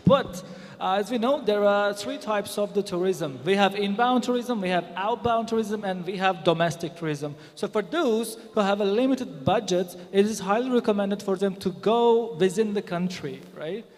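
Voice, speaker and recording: A man's voice: sits high, normal speed, big-room sound. A man presenting at a conference, explaining his answer and often adding "right?". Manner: explains with frequent "right?" tags.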